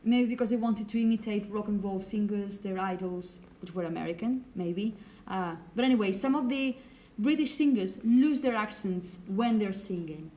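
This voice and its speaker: A woman's voice: mid-range voice, normal speed, hardly any pauses, dark tone. A woman teaching a phonetics class in a classroom, chatty and apologetic, putting questions to her students. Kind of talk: classroom lecture.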